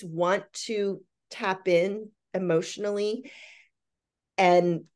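An older woman speaks as a podcast guest, earnest and reflective. Her voice sits low for a woman. She works through her ideas in lists of questions. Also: darkish tone. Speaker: guest, boy advocate and parenting educator. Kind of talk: conversational podcast interview.

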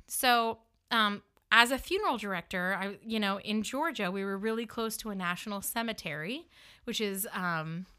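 A woman with a Northern US accent tells her story to the camera in a loose, chatty way. Her voice is bright and forward, and she keeps dropping in "like" and "you know.". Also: medium pitch, smooth. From northern United States. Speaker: funeral director telling her story.

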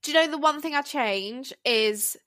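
A woman co-hosting a podcast, talking in an animated, opinionated way and quick to laugh. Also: sits high, dry recording. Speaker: podcast co-host. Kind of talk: casual chat.

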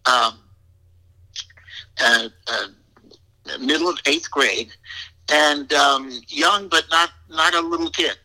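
A man's voice: fairly high pitch, slow pace, long pauses, pushed and bright, poor audio. An older man telling a rambling personal story as an interview guest, repeating words and adding frank asides. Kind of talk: anecdotal storytelling.

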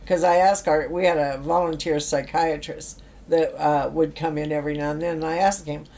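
A woman's voice: low voice, steady tone, normal speed, warm tone. A middle-aged woman telling stories in casual chat, acting out quotes and laughing often. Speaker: guest telling stories about work with youth.

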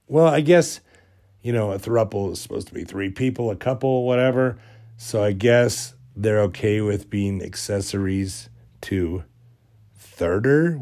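A man's voice: fairly low pitch, warm tone. A man hosting a podcast, telling a rambling, amused story in a casual, self-deprecating way while getting over a cold. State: recovering from a cold. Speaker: podcast host.

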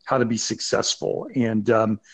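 A man who founded a sports management program, answering in a measured, halting way with fillers. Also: on the low side, flat delivery. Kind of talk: conversational interview.

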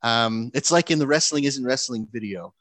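Animated man telling a story. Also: medium pitch, normal speed, no room sound. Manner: animated, lots of restarts and "like". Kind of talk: casual storytelling chat.

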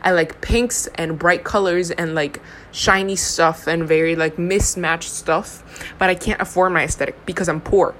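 Rambling young woman podcaster, low voice. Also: steady tone, normal speed, fairly bright tone, a little hiss or hum. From Honduras. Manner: rambling, filler-heavy, self-deprecating. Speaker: podcast host. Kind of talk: casual solo podcast chat.

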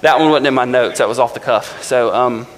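A man preaching a sermon, reading scripture slowly and deliberately, then explaining it in a casual, self-correcting way. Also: mid-range voice, long reverb tail, a little hiss or hum, poor audio. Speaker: pastor.

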